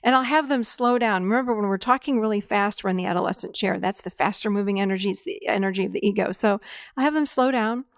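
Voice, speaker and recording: A woman's voice: medium pitch, quick pace, no room sound, studio quality. A middle-aged woman hosting a podcast, talking casually and acting out dialogue with clients. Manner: acts out quoted dialogue, warm validating tone, laughs often. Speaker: podcast host and therapist.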